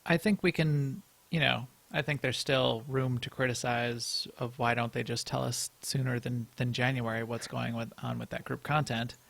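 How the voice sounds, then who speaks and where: A man's voice: mid-range voice, fairly even intonation, moderate pace, gravelly, few pauses, a bit bright. A man co-hosting a podcast in casual chat. He rambles, restarts often and chuckles between thoughts. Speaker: podcast co-host.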